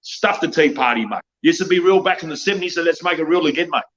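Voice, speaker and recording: A man's voice: a little high, fast, a bit bright, lo-fi sound. A man, a wrestling promoter talking bluntly and profanely in a rambling podcast chat, ending his lines with "mate".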